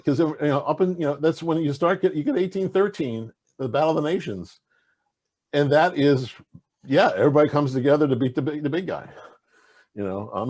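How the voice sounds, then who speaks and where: A man being interviewed as a game designer, telling rambling, animated stories full of fillers and restarts. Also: mid-range voice. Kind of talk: casual conversational interview.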